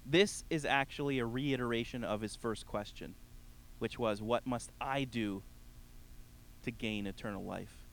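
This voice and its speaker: A man's voice: mid-range voice, unhurried, vocal fry, rough recording. A male pastor delivers a sermon to his congregation in an earnest, conversational voice. He climbs to emphatic peaks, then drops almost to a murmur. A faint hum sits beneath the recording. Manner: addresses the congregation directly.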